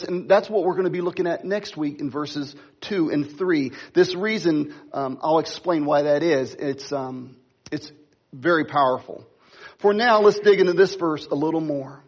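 A middle-aged man preaching a sermon, stressing key words slowly and talking to the congregation in asides. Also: sits high, darkish tone, husky, dull audio. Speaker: pastor.

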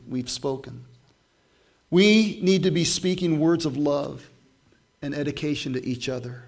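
Male pastor, sermon delivery, slightly raised pitch with a gravelly edge, talks casually and reads scripture emphatically. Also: darkish tone. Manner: conversational preaching, rising to emphatic scripture reading.

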